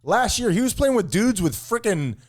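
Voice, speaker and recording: A middle-aged man co-hosting a casual chat, hoarse from a cold, talking in a joking, rambling, self-deprecating way. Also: sits high, very animated, normal speed. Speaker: co-host.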